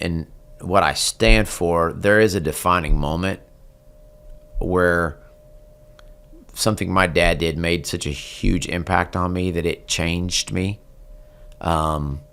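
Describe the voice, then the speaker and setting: A man's voice: low voice, fairly bright tone, smooth. A man, earnestly telling a personal story in an interview. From Texas. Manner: earnest, reflective, slowing down at key moments. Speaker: guest, country singer.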